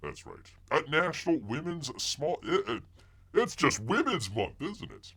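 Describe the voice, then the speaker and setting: A man's voice: fairly high pitch, big pitch swings, a little slow, a bit bright, breathy edge. A middle-aged man hosting a live stream in casual chat, joking and rambling as he reads viewer messages aloud. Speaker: livestream host.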